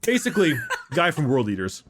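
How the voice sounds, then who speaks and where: A man's voice: fairly high pitch, huge pitch swings, brisk, a bit bright, slight background noise. A man co-hosting a podcast in a casual, rambling way, laughing often and fumbling names. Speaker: podcast co-host. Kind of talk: casual chat.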